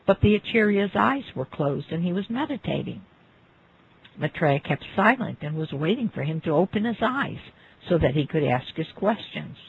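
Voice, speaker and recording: A man with a very husky, gravelly voice, pitched a little above the usual, tells a life story in an unhurried, reflective way. He turns to the listener now and then as he goes. The sound is thin and phone-like. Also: sing-song. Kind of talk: spoken narration of a life story. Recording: phone-like lo-fi recording.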